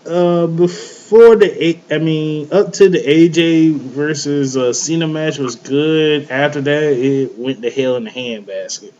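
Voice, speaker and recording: A man's voice: on the high side, a little slow, hardly any pauses, a little mellow. A man hosting a casual wrestling podcast, talking loosely with lots of fillers. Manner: loose, rambling, many fillers. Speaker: podcast host. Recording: dull lo-fi online call audio with light hiss.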